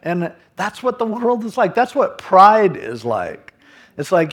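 A man preaching a sermon in a conversational, animated way, acting out what people might say. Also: a little high, a little slow, husky. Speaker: pastor.

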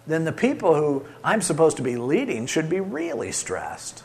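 A middle-aged man preaching a sermon, swinging between loud emphasis and soft, soothing asides. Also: fairly high pitch, very animated, moderate pace, few pauses. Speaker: pastor.

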